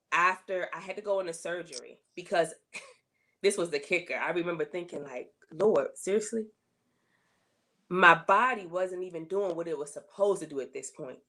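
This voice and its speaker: An earnest woman, an interview guest, gives an emotional faith testimony with a sharp tone. She tells her story with repetition, her pitch rising whenever she voices her complaints to God.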